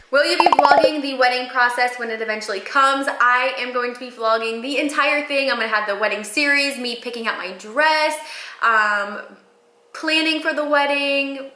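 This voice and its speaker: Excitable young woman vlogging, chatty, bright voice, echoey room. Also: on the high side. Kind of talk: casual chat.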